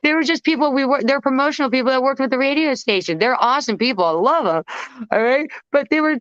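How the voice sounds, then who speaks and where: Animated woman telling a story. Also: on the high side, no room sound, highs cut off. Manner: animated, acts out voices in anecdotes. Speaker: guest vocalist. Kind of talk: casual storytelling interview.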